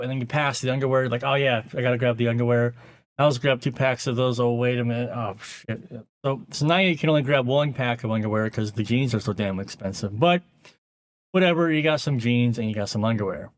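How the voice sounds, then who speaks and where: Dude chatting to camera, middle pitch, tells a story, mumbles his own thoughts, kinda sweary. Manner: conversational, acts out inner thoughts in a muttered aside voice; frequent fillers and restarts, casual swearing. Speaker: audio engineer and YouTube host.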